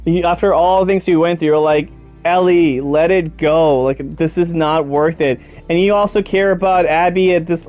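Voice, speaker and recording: A woman gaming vlogger ranting to camera, excitable and profane, rambling with restarts. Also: medium pitch, lo-fi sound. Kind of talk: casual rant to camera.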